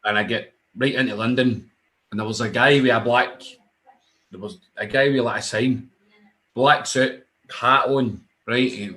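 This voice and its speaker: A young Scottish man tells stories in relaxed, profane chat. He gets animated and slips into other people's voices as he recounts what they said. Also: medium pitch, a little slow. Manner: animated, swearing, acts out other voices in his anecdotes. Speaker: guest wrestler. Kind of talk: casual storytelling chat.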